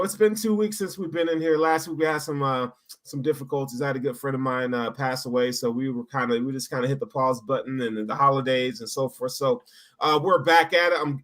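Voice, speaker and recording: Man, podcast host, loud and joking, fairly high voice, bright forceful tone. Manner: loud, joking, gives shout-outs to viewers. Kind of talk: casual sports podcast chat.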